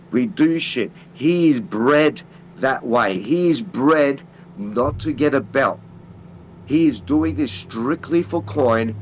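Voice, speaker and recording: A man's voice: on the high side, slight background noise, rough recording. A man with an Australian accent, talking in blunt, rambling casual chat and swearing constantly. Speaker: co-host.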